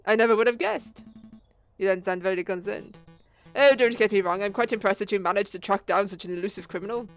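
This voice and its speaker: A woman's voice: mid-range voice, a little fast, soft background music, lightly acted. A woman voicing a smug, formal male bird rival who probes with cool questions in a video game reading.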